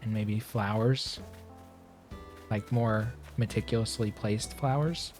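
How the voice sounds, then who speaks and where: A young man streaming a game, chatting casually and rambling to himself, his voice a little hoarse and often clearing his throat. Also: fairly low pitch, fairly even intonation, slow pace, darkish tone, soft background music. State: slightly hoarse. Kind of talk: casual gameplay chat.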